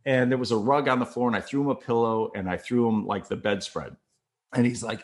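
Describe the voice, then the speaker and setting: A man from Minnesota telling an emotional personal story, acting out the voices and swinging from quiet to loud. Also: mid-range voice, brisk. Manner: animated, acts out voices, swings from soft to loud.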